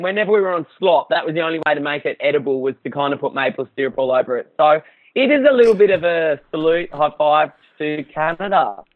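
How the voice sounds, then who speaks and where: A man's voice: on the high side, no echo. A man with an Australian accent, chatting and joking as an interview guest. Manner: jokey, self-deprecating. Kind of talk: casual video-call chat. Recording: muffled dry sound.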